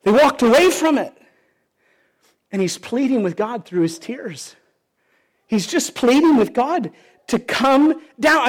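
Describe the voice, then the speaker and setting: High-voiced man preaching a sermon. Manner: earnest and pleading, with many restarts and rhetorical questions. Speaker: pastor.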